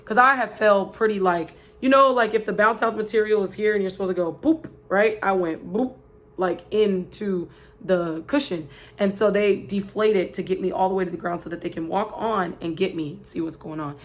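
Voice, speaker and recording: A woman vlogger telling a personal story to her viewers in a casual, chatty and animated way, full of asides. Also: medium pitch, moderate pace.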